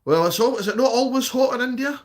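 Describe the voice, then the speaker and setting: A man's voice: very high voice, expressive, quick pace. A Scottish man chatting casually on a live stream, reading out viewer comments and answering them. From Scotland.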